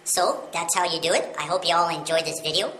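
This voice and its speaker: A woman's voice: on the low side, a little fast, a bit bright, a little hiss or hum. A woman giving a casual video lesson on yodeling, explaining step by step in a friendly, plain way. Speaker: yodeling teacher. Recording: roomy echo with music behind.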